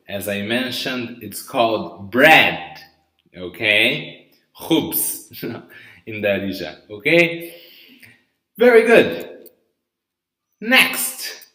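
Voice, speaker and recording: Slow, echoey male English teacher. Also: mid-range voice, a bit bright. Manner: slow, repeats "okay?" and "right?" after each word; lifts to an upbeat "very good" between items. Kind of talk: live online vocabulary lesson. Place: room at home during lockdown. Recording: echoey room, mic at a distance.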